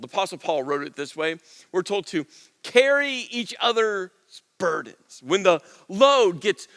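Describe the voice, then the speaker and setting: A man preaching a sermon in an earnest, conversational way, dropping to soft low asides and rising for emphasis. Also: in a large hall. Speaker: pastor.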